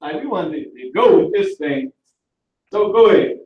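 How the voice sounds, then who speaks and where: A man teaches a live online class, lecturing casually and slangily. His voice sits fairly high. He sounds echoey and distant from the mic. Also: very animated, moderate pace, muffled recording.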